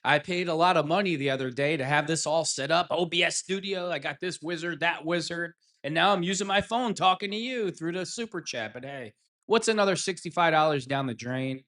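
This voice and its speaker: A man's voice: on the high side, brisk, fairly bright tone. A man hosting a solo live-stream sports talk show, rambling and mocking in a sarcastic tone.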